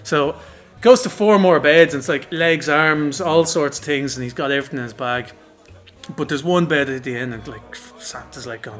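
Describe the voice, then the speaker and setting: A young man on a podcast, rambling through long jokes and breaking into giggles along the way. His voice is sharp and bright, pitched a little high. Faint music plays behind him. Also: normal speed. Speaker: podcast co-host. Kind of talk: casual chat, telling jokes.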